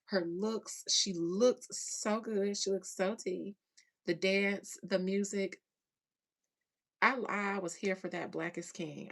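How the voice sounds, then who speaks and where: A woman with a lowish voice hosts a casual livestream chat, reading out viewer comments in a slangy, animated way and laughing often.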